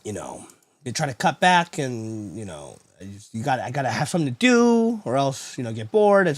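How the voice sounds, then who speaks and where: Exasperated streamer muttering and venting. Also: male voice, medium pitch, sing-song, a little fast, no echo. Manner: frustrated, exasperated, swings between loud outbursts and muttering; chats with viewers while troubleshooting. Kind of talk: casual live-stream chat.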